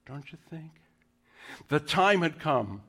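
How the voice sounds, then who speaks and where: A man preaching a sermon, acting out scripture quotes in hushed whispers and raised calls. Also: a little high, very animated, takes it slowly. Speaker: pastor.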